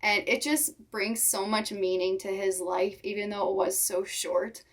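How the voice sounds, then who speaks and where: A young woman talking to her viewers in a personal vlog, speaking sincerely and haltingly while holding back tears. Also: medium pitch, fairly even intonation. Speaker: reptile keeper vlogger. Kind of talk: emotional personal vlog talk.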